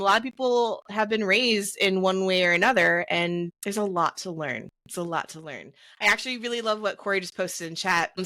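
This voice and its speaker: A woman's voice: fairly low pitch, pushed and bright, dry recording. A woman co-hosting a casual live-streamed podcast, chatty and enthusiastic, with lots of "like" fillers; English is not her first language. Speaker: podcast co-host.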